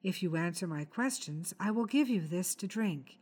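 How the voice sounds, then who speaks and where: A woman's voice: fairly low pitch, lively intonation, moderate pace, darkish tone, breathy edge. A woman playing a cold, commanding young heroine. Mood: coaxing. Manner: firm, threatening.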